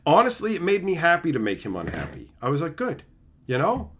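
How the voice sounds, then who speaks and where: A man's voice: on the high side, wildly swooping pitch, brisk, a little hiss or hum. A man hosting a livestream, ranting heatedly and profanely while answering chat. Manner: answers chat between rants. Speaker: streamer host.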